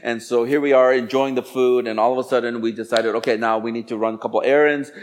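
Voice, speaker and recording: A man casually telling a personal story in an animated way, acting out what people said with sudden jumps in pitch and volume. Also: fast talker, a little hiss or hum. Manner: animated, acts out dialogue with jumps in pitch and loudness.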